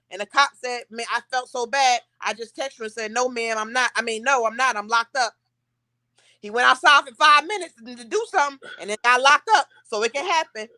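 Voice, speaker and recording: A young woman hosting a casual chat, telling stories with animated, acted-out quotes. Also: on the high side, fairly quick, dry recording. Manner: animated storytelling, acting out quotes. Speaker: podcast host.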